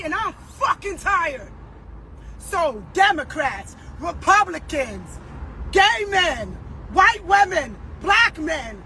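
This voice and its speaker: A hoarse woman, a singer, ranting emphatically and profanely, often shouting. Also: very high voice, animated, a little slow, background noise. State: hoarse, losing her voice. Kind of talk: social media rant.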